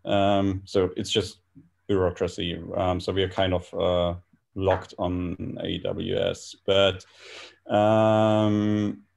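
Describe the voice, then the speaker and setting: A man's voice: low voice, gravelly, darkish tone. A man with a German accent asking a hesitant question on a video call, full of ums and restarts. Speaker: audience member asking a question.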